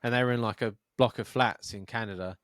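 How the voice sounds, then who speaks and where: A podcast co-host with a low, fairly even, slightly bright voice talks at a quick pace in clean studio sound with no echo. In casual chat he swears often and tells rambling stories, acting out voices for the quotes.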